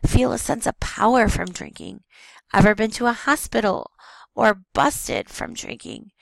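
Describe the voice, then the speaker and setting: A woman teaches a recorded lesson over slides, talking plainly and steadily with frequent "um"s and restarts. Her voice is deeply gravelly and worn that day. The sound is dry and close, with no room around it. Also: measured pace, no room sound. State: voice not at its best.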